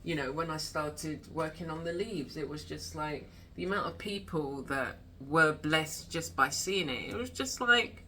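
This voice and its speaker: A woman's voice: deep voice, measured pace, hardly any pauses, bright, forceful tone, slight background noise. A woman hosting a casual chat about creativity, reflective and chatty. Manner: reflective, chatty, laughs often. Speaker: host.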